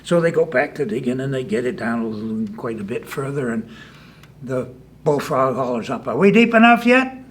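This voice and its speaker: A man tells a folk tale to an audience in a folksy, conversational way, at a medium pitch and moderate pace.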